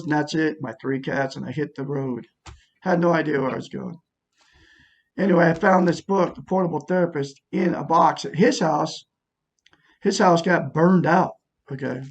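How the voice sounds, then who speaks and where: A man's voice: on the high side, highs cut off. A middle-aged man telling a long personal story in a rambling, aggrieved way, with many restarts. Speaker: vlogger. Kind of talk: casual personal monologue.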